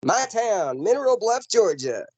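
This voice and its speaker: A man telling a ghost story from his home over a video call, rambling and animated with lots of fillers and restarts. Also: sits high, measured pace, no room sound, dull audio. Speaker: paranormal investigator guest. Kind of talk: casual storytelling in an interview. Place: home in the mountains.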